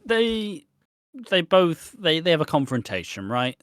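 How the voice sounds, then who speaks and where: A man's voice: fairly high pitch, sing-song, unhurried, a bit bright, clear, resonant tone, no room sound, clean studio sound. A man co-hosting a podcast, rambling through a soap recap and swearing freely. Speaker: podcast co-host. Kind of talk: casual chat recapping a soap.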